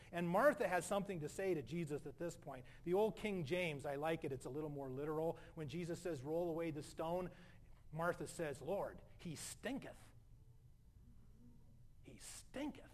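A middle-aged man delivers a sermon in a notably high voice. He moves between loud, emphatic declarations and soft, hushed passages, like a pastor speaking from the pulpit.

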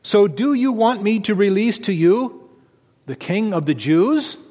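A man's voice: high voice, sing-song, measured pace, a little mellow, voice pushed up, heavily acted. A man reading the lines of a stern male Roman governor during a scripture reading, pressing him with incredulous questions. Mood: questioning. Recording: long reverb of a church hall.

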